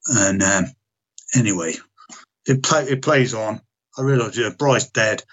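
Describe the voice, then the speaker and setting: Husky British man telling a frank story. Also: lowish voice. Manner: halting, restarts, frank and profane. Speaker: guest, military veteran. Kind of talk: personal storytelling in conversation.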